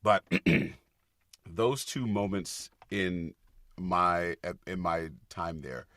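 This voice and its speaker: A middle-aged man with a fairly low but bright, forceful voice tells backstage stories on a podcast. He is animated and gets loud and laughing when excited. The recording is close and dry. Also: extremely slow, dry recording. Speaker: guest, Broadway actor. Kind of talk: casual podcast storytelling.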